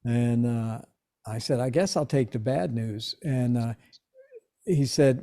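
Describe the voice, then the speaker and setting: A middle-aged man telling an anecdote in an interview, lively and acting out the quoted voices as he goes. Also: medium pitch, slow pace. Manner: animated storyteller, acts out quoted voices. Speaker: interview guest. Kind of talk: storytelling anecdote.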